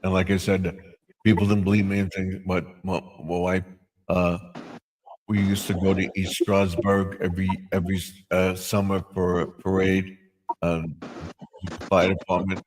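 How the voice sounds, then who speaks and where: An older man with a low voice hosts a casual live stream. He rambles, restarting sentences and filling pauses as he goes. A faint hiss sits under his voice. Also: flat delivery, a little mellow, rough recording. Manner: rambling, with many restarts and fillers. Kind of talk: casual chat.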